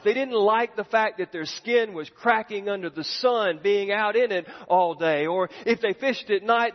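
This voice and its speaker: A man's voice: sits high, big-room sound, highs cut off. A male pastor giving a sermon in a conversational, storytelling way, with the odd restart.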